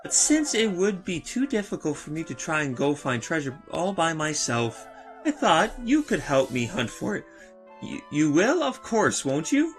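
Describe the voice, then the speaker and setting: A man's voice: sing-song, normal speed, faint music behind. A man voicing a sweet young princess reading her letter aloud in a raised voice. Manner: high put-on voice reading aloud.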